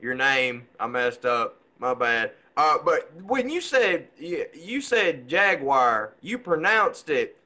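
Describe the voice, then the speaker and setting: Man, interview host, enthusiastic, laughs a lot, bright tense voice, casual. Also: a little high, sing-song, takes it slowly, hardly any pauses. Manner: enthusiastic, laughs often, loose casual grammar. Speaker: podcast host.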